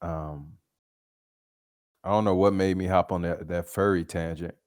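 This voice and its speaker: A man's voice: low voice, steady tone, measured pace, a little mellow, clean tone, dry recording, clean studio sound. A man hosting a podcast, telling casual stories alone, laughing often and swearing freely. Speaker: podcast host. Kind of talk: casual storytelling monologue.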